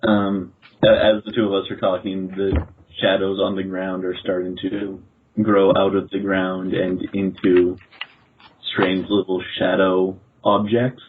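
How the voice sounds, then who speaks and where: A man narrating his part of a storytelling game at a deliberate pace with many pauses. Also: low voice, completely flat delivery, a little hiss or hum. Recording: tinny phone-like audio.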